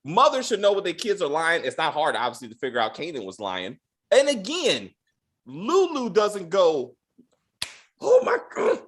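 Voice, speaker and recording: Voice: mid-range voice, huge pitch swings, normal speed. A podcast host ranting casually and with a lot of profanity while reviewing a TV episode. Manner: profane, exasperated ranting with acted-out quotes.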